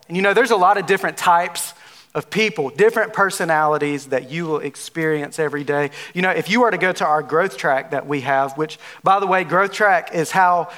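A man's voice: a little high, a bit bright. A man pastor giving a casual, joking sermon, talking with the congregation. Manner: playful, conversational, jokes with the audience.

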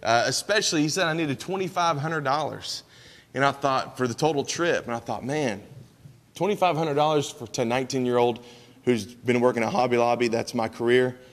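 A young missionary man with an East Tennessee drawl tells stories to a church in a folksy, easygoing manner, often restarting his sentences. His voice is of middle pitch and carries a long reverb from the sanctuary. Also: fairly quick. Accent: East Tennessee Southern. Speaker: missionary speaker.

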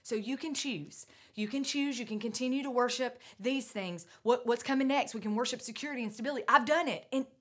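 A woman preaching a sermon, out of breath, earnest and emphatic, moving between loud urging and hushed lines. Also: a little high, a little fast, hardly any pauses.

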